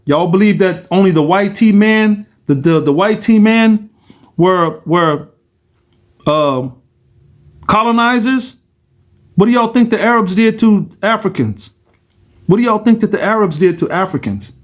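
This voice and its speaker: A man from the United States speaks in a noticeably high voice. He rants straight to his audience in a loose, repetitive way, often calling them "y'all." He stumbles, restarts words and circles back to the same points. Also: lively intonation, unhurried, pauses often. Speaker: vlogger. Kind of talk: casual direct-to-camera rant.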